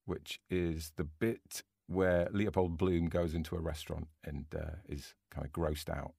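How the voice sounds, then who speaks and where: A deep-voiced man co-hosting a podcast, talking things through casually and loosely. He restarts his sentences often as he thinks aloud. The recording is dry and close. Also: fairly even intonation, measured pace, gravelly, dark tone, breathy edge, no echo. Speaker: podcast co-host. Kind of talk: casual chat.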